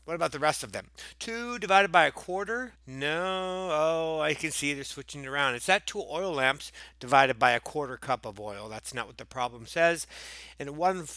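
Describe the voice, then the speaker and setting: A man's voice: on the high side, lively intonation, moderate pace, sharp tone, dry recording. A man teaching a playful math review lesson, joking around between problems and slipping into silly voices. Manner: goofy, jokey, breaks into silly voices and asides.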